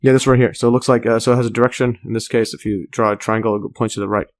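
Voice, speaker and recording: A man's voice: lowish voice, steady tone, racing. Rambling man talking through math. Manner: rambling, thinks aloud with many fillers and restarts; enthusiastic asides. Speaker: math tutor. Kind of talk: casual screen-recorded math walkthrough.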